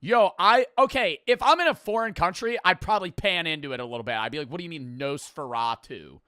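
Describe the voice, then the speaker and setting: A young man streaming, giving excitable, profane, rambling commentary as he reacts to a video. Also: sits high, fast talker, clean tone, no room sound.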